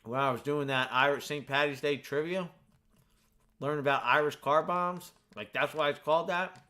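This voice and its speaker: A man's voice: a little high, moderate pace, pushed and bright. An American man chatting in a rambling, filler-heavy way while playing a video game. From United States. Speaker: gaming streamer.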